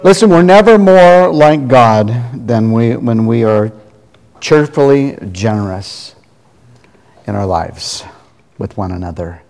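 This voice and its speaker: A man's voice: medium pitch, expressive, slow. Folksy preacher man in an echoing hall. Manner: folksy storytelling, ending in a soft prayer. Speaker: pastor. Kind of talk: sermon. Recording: long reverb of a large hall.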